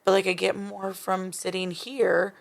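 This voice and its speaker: Gravelly-voiced young woman, chatty. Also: mid-range voice, flat delivery, measured pace. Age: young adult. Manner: rambling, many fillers and restarts. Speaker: podcast guest. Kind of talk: casual chat.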